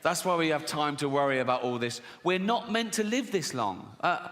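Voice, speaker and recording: A man's voice: a little high, animated, moderate pace, a bit bright, in a large hall. An older man performing a stand-up comedy set in a sardonic, swearing manner, often acting out mocking voices.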